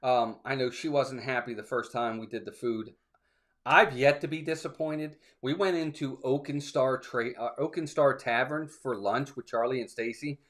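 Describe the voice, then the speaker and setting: A theme park livestream co-host talks casually at normal speed, his mid-range voice steady and fairly bright. He rambles through a story, quoting people and acting out what they said and how the rides moved.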